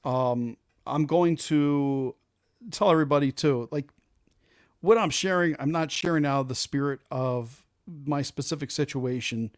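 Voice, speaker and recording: A man's voice: mid-range voice, a little slow, dry recording, studio quality. A man hosting a show, giving casual opinion commentary in an emphatic, conversational way with loose fillers. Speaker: show host.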